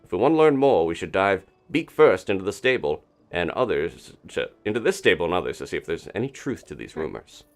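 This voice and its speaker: A man's voice: sits low, sing-song, a little fast, hardly any pauses, faint music behind. A man doing Pen the Pelican, a folksy reporter. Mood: eager. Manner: folksy reporter voice, full of bird puns. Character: chatty male pelican newspaper reporter, pun-loving.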